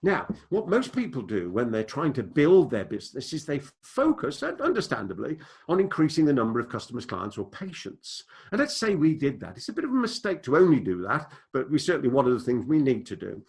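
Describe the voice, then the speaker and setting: A man's voice: medium pitch, brisk, gravelly. An older man giving a business lecture to an audience, telling stories and acting out the dialogue in them. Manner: storytelling, animated, acts out quoted dialogue. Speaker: business speaker.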